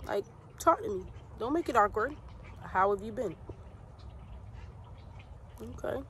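Talking straight to her audience, this young woman vlogs outdoors in nature with a playful, casual chat to camera. She sounds a little high, animated and fairly bright, never rushing. Background noise comes through clearly on the outdoor camera recording.

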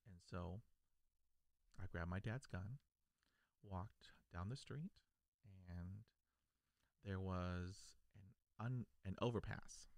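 This man from South Texas, a video creator, has a low, darkish voice and talks slowly with frequent pauses. Earnest and reflective, he tells his own story to camera, stuttering through repeated words and broken starts. No room sound is audible.

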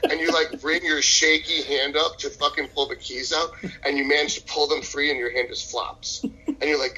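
A man's voice: on the high side, normal speed, slight background noise, poor audio. A man co-hosting a casual podcast, telling stories with lots of swearing and acting out the voices. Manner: profane, animated storytelling with acted-out voices. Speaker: podcast co-host.

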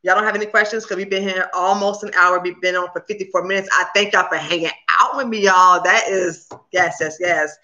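A woman hosting a livestream, chatting casually with her viewers and talking very fast. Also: lowish voice, fairly even intonation, pushed and bright, lo-fi sound. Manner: talks very fast; chatty and upbeat, addresses viewers as "y'all". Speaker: cooking channel host on a livestream. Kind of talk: casual chat with live viewers.

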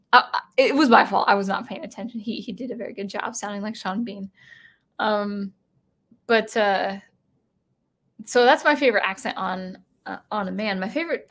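A woman's voice: medium pitch, a bit bright. Rambling woman hosting a casual live stream. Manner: rambling, many restarts and self-corrections; chatty and reading viewer comments aloud.

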